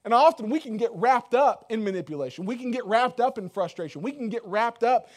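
A man's voice: very high voice, lively intonation, fairly quick. A man preaching a sermon in a loose, conversational way, joking and full of fillers. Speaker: pastor.

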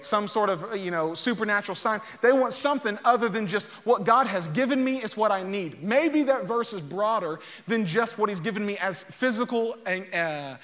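A man preaching a sermon, reading scripture aloud and joking with animated energy. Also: high voice. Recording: long hall reverb.

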